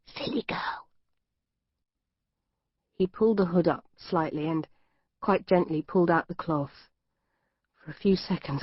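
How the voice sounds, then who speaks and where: A low-voiced woman narrates a thriller audiobook in tense first person, reading from a script. The studio recording is dry and slightly dull, with no echo.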